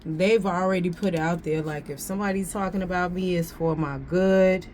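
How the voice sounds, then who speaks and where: A woman with a lowish, a little mellow voice gives a casual tarot reading at normal speed, her intonation fairly even. She thinks aloud in slang and repeats phrases as she goes, over a little hiss or hum.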